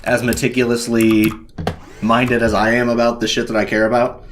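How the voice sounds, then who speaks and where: A man's voice: mid-range voice, monotone, normal speed, slight background noise. A young man co-hosting a podcast, telling rambling stories with bursts of mock ranting and heavy swearing. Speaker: podcast co-host. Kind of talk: casual chat.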